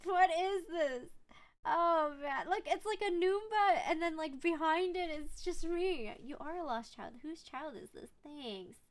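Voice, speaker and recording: A woman's voice: very high voice, unhurried. A young woman streamer chatting casually, bubbly and giggly, with casual swearing. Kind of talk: casual chat.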